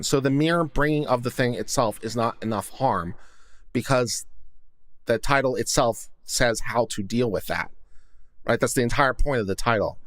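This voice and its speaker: A man reads a court opinion aloud in a steady, middle-pitched voice and stops now and then to weigh the reasoning in quick asides. He is recorded close on a condenser mic in a small, dry room with no echo. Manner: reads legal text aloud, then breaks in with thoughtful asides. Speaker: legal commentary host. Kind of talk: reading and commenting on a court opinion. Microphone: studio condenser mic.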